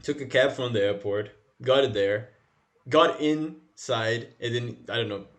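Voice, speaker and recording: A man's voice: medium pitch, measured pace, a bit bright. A man chatting casually as a podcast co-host, rambling, swearing and laughing as he talks. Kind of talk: casual chat.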